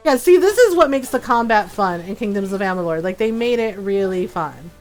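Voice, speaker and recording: A woman streaming a game and chatting casually with viewers, bubbly and talkative and quick to laugh. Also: medium pitch, expressive, darkish tone, soft background music. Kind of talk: casual gameplay chat.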